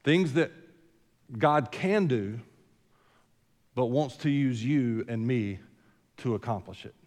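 A man's voice: medium pitch, moderate pace, dark tone, long reverb tail. A man preaching a sermon as senior pastor, in a conversational, folksy way full of rhetorical questions, recorded in a church sanctuary.

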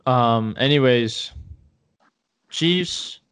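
A man's voice: medium pitch, very slow, a bit bright, smooth. A man co-hosting a podcast, chatting casually about sports in a rambling, hesitant way with many fillers and restarts. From Tampa Bay area, United States. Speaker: podcast co-host.

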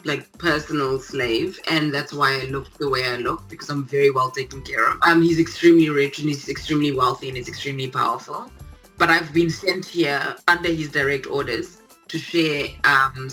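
A man's voice: on the high side, pushed and bright, low-quality recording. A man in a casual podcast chat, speaking in a playful, confident way. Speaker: podcast guest.

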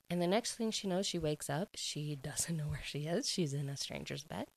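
A woman's voice: low voice, vocal fry, no room sound, low-quality recording. A young woman casually retelling a book's plot in a chatty way, filling her speech with "like" and laughing now and then. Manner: chatty, heavy "like" filler, quick laughs. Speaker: book reviewer. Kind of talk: casual book recap.

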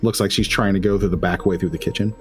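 A man's voice: low-pitched, fairly even intonation, fast, faint music behind. A man narrating a tabletop game as game master, with loose, filler-heavy phrasing.

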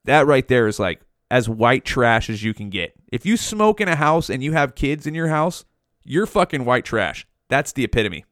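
Man in his 40s, podcast host, heated foul-mouthed rant, mid pitch, dead dry close mic. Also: big pitch swings, normal speed, a bit bright, dry recording. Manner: profane, heated ranting. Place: small hot home room. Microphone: mouth right up against the mic.

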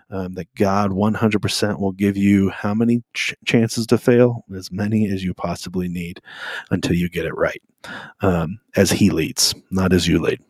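A man co-hosting a faith podcast, talking in a relaxed, rambling way with many filler words. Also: low-pitched, husky, dry recording, studio quality. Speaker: podcast co-host. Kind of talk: casual faith podcast talk. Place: at home on a video call.

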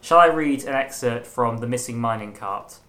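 A man co-hosting a casual podcast, talking earnestly and haltingly, often restarting his sentences. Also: medium pitch, a bit bright. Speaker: podcast co-host. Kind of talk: casual chat.

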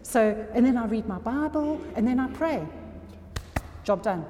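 A woman's voice: on the high side, animated, measured pace, warm tone, dull audio, a little hiss or hum. A woman preaching an earnest sermon to a congregation, often checking that her listeners are still with her. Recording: long reverb of a hall.

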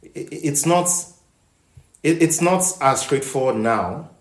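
A podcast co-host in easy, casual chat who likes to tell stories and act out what other people said. The pitch sits in the middle range. The sound is roomy and echoey. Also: unhurried. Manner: animated storyteller, acts out quotes. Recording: roomy echo.

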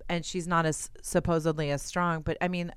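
Smooth-voiced woman chatting bluntly. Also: low-pitched, little pitch movement, a little fast. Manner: blunt, swears, quotes herself in asides. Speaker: podcast guest co-host. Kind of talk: casual chat.

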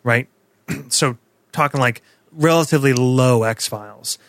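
A man's voice: medium pitch, unhurried, no echo. A man co-hosting a podcast in casual chat, joking and laughing easily, with some hesitations. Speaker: podcast co-host.

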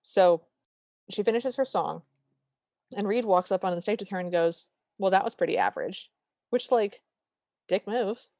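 A woman's voice: mid-range voice, mellow, no room sound, clean studio sound. A woman co-hosting a podcast, recapping a movie in casual chat and sarcastically acting out its lines. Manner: sarcastic, acts out dialogue in quick bits. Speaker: podcast co-host.

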